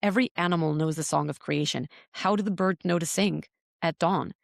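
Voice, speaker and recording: A woman's voice: lowish voice, brisk, creaky, no echo, studio quality. A woman guest on a podcast telling her story in an earnest, searching way, often repeating words as she thinks. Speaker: podcast guest, breathwork teacher. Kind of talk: reflective interview storytelling.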